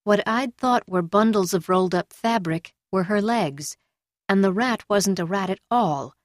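A woman's voice: mid-range voice, dry recording. Woman narrating a novel, dry close voice. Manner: measured, storytelling. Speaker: audiobook narrator. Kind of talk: scripted narration.

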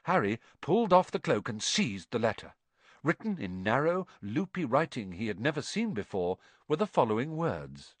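Man reading a kids story out loud, lively ups and downs in his voice, dry close sound. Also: mid-range voice, moderate pace, dry recording. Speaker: audiobook narrator. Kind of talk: storybook narration.

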